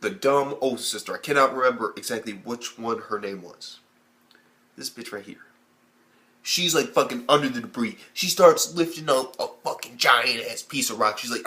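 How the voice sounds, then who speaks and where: A young man casually reviewing an anime episode, swearing constantly and acting out characters' lines with sudden high-pitched bursts. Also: moderate pace. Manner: animated, heavy swearing, acts out characters in high squeaky bursts. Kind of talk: casual profane video review.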